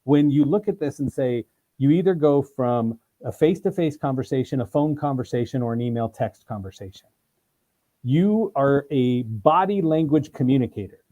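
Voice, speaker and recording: A man's voice: medium pitch, normal speed, dull audio. A man, a sales trainer, explaining with energy and emphasis as an interview guest on a video call. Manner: energetic, emphatic, acts out examples in voices. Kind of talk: interview guest, animated teaching.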